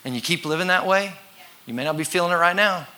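A man preaching a sermon to a congregation, talking conversationally, acting out voices and sometimes shouting for effect. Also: high voice, fast talker. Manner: conversational with congregation call-and-response. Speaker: pastor.

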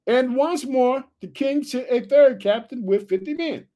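A man preaching with high energy, reading Bible verses aloud and riffing on them, repeating his catchphrases and questions to listeners. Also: unhurried, mellow. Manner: reads verses aloud then riffs on them. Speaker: preacher teaching scripture.

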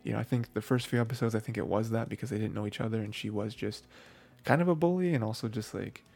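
A man hosting an anime review podcast, recapping episodes in a rambling casual way with many fillers and quick acted-out lines. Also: on the low side, vocal fry, a little mellow.

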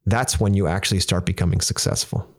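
Low-ish voiced guy hosting a podcast, earnest, coaching his listeners, talks right at them. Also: steady tone, fast talker. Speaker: podcast host. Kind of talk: casual podcast chat.

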